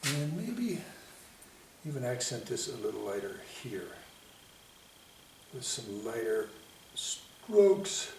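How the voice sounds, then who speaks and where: A man teaching landscape painting at an easy, slow pace, musing aloud to himself as he works. His voice sits in the middle range and carries some room echo, picked up from a little way off the mic with a faint hiss behind it. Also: medium pitch, big pitch swings, a little mellow, far from the mic. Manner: unhurried, thinking aloud, self-commenting. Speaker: painting instructor. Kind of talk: painting demonstration.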